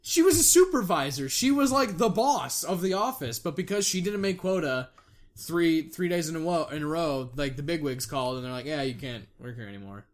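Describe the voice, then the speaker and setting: A young man in casual chat, telling animated stories and swearing freely as he acts out what people said. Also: fairly high pitch, a little fast.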